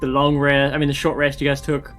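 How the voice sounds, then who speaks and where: A man's voice: mid-range voice, completely flat delivery, fairly quick, fairly bright tone, faint music behind. A man narrating as dungeon master in a tabletop game, talking with many restarts and fillers.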